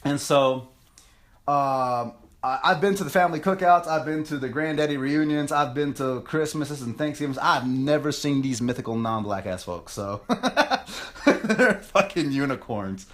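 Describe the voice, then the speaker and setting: A man's voice: medium pitch, normal speed, fairly bright tone. A young man hosting a podcast, telling a story in a casual, rambling and profane way with plenty of self-mockery. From United States. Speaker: podcast host.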